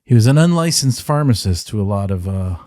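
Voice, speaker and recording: A middle-aged man from the Detroit area, a podcast guest, telling rambling, animated stories and slipping into playful voice impressions. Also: lowish voice, fairly quick, dry recording, studio quality. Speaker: podcast guest, former wrestling writer. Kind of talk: casual interview storytelling.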